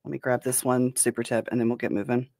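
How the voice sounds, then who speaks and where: A woman's voice: very deep voice, fairly even intonation, quick pace, a little mellow, no echo. A woman hosting a reaction commentary show, talking in a blunt and profane way. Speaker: host.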